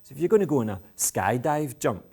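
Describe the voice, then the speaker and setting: A man's voice: medium pitch, lively intonation, a little fast, mellow, slightly rough. A Scottish man giving a talk to school parents in a playful, provocative, self-mocking way. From Scotland. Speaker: education speaker. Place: school event with live audience.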